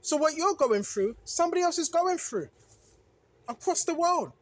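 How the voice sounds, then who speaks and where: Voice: very high-pitched, animated, moderate pace. A religious video maker preaching casually to viewers, repeating phrases for emphasis, restarting sentences and often asking "right?". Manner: self-correcting, restarts phrases.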